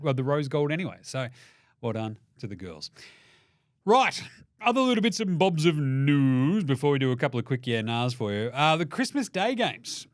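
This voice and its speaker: A young Australian man hosting a basketball show, with profane, energetic, jokey banter. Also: mid-range voice, no room sound, studio quality. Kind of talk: casual sports commentary.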